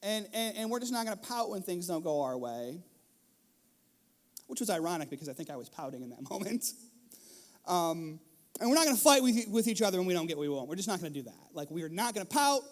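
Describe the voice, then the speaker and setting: A middle-aged man, a pastor, preaching a sermon in a lively storytelling manner, acting out scenes from his family life. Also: high voice, quick pace. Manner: animated storytelling, acts out his kids and himself. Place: church stage.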